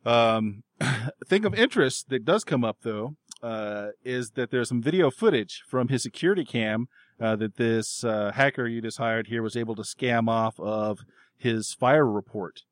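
A man narrating as game master of a tabletop game, relaxed, with many fillers and chuckles. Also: mid-range voice, unhurried, no echo, clean studio sound.

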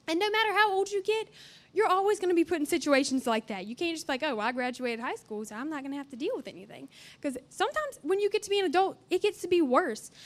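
A young woman giving a chatty, earnest youth-camp sermon with playful asides. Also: extremely high pitch.

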